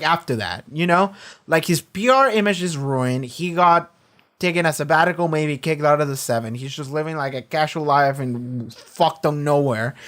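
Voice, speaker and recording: A man's voice: on the high side, fairly bright tone. Profane, rambling reaction-video guy. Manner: loose, profane retelling full of fillers. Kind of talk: casual reaction commentary.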